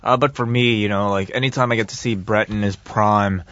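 A man with a lowish voice chats casually, agreeing eagerly and tripping over the starts of his sentences. The audio is dry and dull, with a lo-fi quality. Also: steady tone, brisk, fairly bright tone, dry recording. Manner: agreeable, enthusiastic, stammers on restarts. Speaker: podcast co-host. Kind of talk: casual chat.

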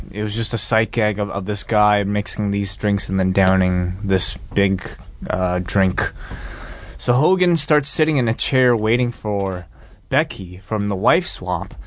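A fairly low-voiced man talks in a rambling, exasperated way as he recaps a film scene for his co-host. The recording is dull and lo-fi, with a dry, close sound. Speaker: podcast co-host reviewing a film. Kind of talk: casual chat.

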